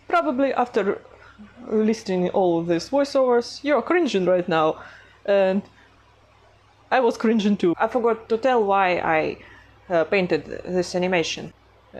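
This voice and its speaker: Slow, hesitant woman with a foreign accent. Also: medium pitch, expressive, a little mellow. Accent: non-native English accent. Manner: hesitant, many fillers, self-conscious giggling. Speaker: animation artist vlogger. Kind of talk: casual vlog narration.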